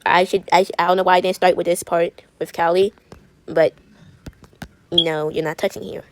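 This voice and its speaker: A woman's voice: fairly low pitch, little pitch movement, moderate pace, slight background noise. A woman video creator chatting while she colors. She talks in a sassy, rambling way and often stumbles and restarts her words.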